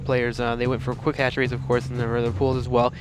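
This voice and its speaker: A man's voice: mid-range voice, completely flat delivery, quick pace, music in the background. A young man casting an esports match, chatty and joking with his co-caster. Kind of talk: esports play-by-play commentary.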